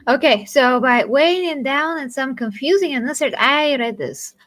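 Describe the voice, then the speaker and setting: A woman's voice: sits high, moderate pace, fairly bright tone. A woman from Eastern Europe hosting a casual livestream panel chat over a video call, leading the talk and joking with a giggle. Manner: giggly, jokey, leads the discussion. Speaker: show host.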